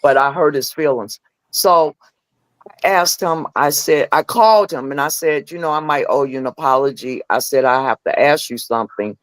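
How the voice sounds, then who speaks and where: A middle-aged woman telling candid personal stories as a podcast guest. She acts out the dialogue in her stories with lively voices. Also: extremely low pitch, moderate pace, no echo. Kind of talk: candid storytelling chat.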